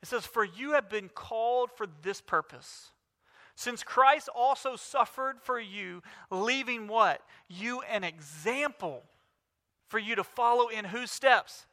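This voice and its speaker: A man's voice: very high-pitched, takes it slowly, pushed and bright. A male pastor in his thirties preaching a sermon with emphatic, rising declarations. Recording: reverberant hall.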